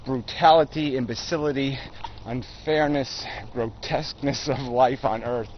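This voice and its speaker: A man's voice: mid-range voice, normal speed, highs cut off, slight background noise. A man giving a blunt, profane opinion rant in a casual video blog, with many ums and uhs. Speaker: video blogger.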